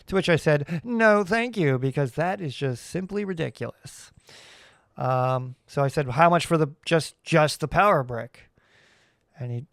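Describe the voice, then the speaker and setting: Male solo podcast host, slightly high voice, dry close sound, wry rambling chat. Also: a bit bright, no room sound. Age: adult parent.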